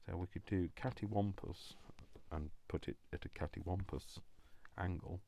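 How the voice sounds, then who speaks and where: Very deep-voiced man, rambling crafter. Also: steady tone, normal speed, vocal fry, warm tone. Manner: rambling self-talk, jokey asides. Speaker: craft channel host. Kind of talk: casual crafting chat.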